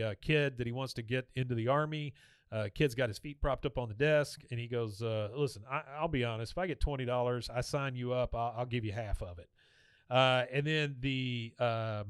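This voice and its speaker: A male podcast co-host with a mid-range voice recaps a cartoon episode, casually retelling scenes and acting out the characters' lines in quick voices. He laughs often, and the recording is clean with no room sound.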